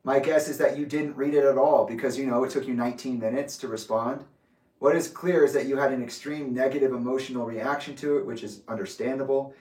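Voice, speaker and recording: A man reading his own letter aloud with asides, in a measured, deliberate way. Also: mid-range voice, fairly even intonation, darkish tone. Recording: roomy echo, distant from mic.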